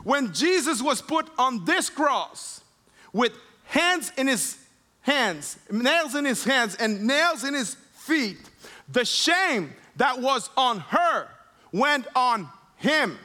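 Slow, high-voiced preaching man. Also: big pitch swings, bright, forceful tone. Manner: emphatic, slow preaching with dramatic retold scenes. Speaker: pastor. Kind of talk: sermon.

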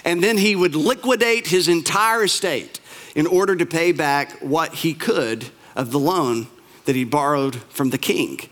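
High-voiced male preacher telling a story. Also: fairly bright tone. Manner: repetitive, emphatic, slows on key words. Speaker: pastor. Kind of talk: sermon storytelling.

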